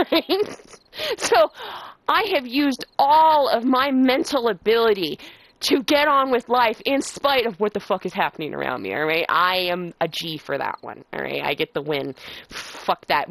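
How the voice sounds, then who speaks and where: A woman's voice: medium pitch, poor audio. A young woman telling her own ghost story in a casual, profane way, full of laughter, from a house in the countryside. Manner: animated and profane, with frequent laughs. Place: rural house.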